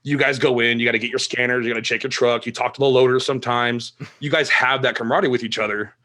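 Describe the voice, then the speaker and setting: A man's voice: mid-range voice, fairly even intonation, fast talker, bright, forceful tone. Truck driver guy chatting on a podcast, easygoing, says like a lot. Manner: laid-back storytelling with frequent fillers. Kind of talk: casual chat.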